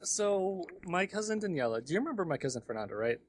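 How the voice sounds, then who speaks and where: A man's voice: sits high, sing-song, quick pace, no echo. A man co-hosting a casual podcast, telling rambling family stories and correcting himself as he goes. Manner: rambling, self-correcting storyteller, joking. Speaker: podcast co-host. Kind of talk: casual storytelling chat.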